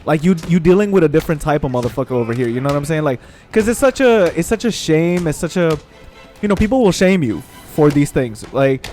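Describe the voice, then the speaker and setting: A young man with a slightly high voice rants through his gameplay commentary, swearing freely and getting worked up. His delivery is loose and animated. Faint game music plays underneath. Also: fast. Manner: profane, animated ranting with mocking voices. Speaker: gaming streamer. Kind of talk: casual gameplay commentary rant.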